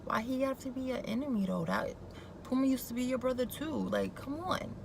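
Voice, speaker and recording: Woman, young adult, gossipy recap vlog, opinionated, gravelly fry, faint background hiss. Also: high voice, brisk. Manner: gossipy and opinionated, chatty asides. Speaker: YouTube recap vlogger. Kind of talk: casual TV recap commentary.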